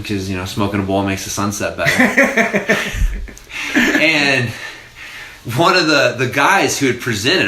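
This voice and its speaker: A man in his forties tells a story in casual podcast chat, swearing freely and laughing as he goes. His voice sits low but sounds bright and forceful. A roomy echo hangs around it. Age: 40s. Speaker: podcast host.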